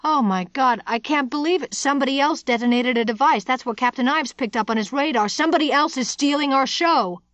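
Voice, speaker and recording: A woman voicing a brash, blustering male weapons engineer who talks loud and gruff and is quick to shout, in an audiobook. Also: very high-pitched, dry recording. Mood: alarmed. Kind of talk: audiobook character voice.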